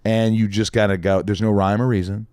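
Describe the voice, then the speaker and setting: A man's voice: fairly low pitch, a little fast, clear, resonant tone, no room sound, clean studio sound. A man on a podcast, telling a story in a casual chat and acting out the other people's lines. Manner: animated storyteller, acts out quoted voices, swears casually. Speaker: podcast guest, actor.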